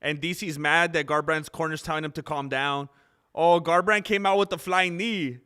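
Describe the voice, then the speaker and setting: A young man hosting a live stream, joking and reacting excitably as he comments on fights. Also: fairly high pitch, moderate pace, clear, resonant tone. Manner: excitable, joking, laughs often.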